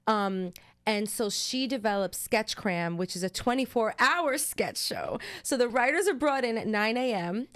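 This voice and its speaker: A woman comedian guesting on a podcast, chatting emphatically and warmly, quick to laugh. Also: a little high, animated, no room sound. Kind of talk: casual chat.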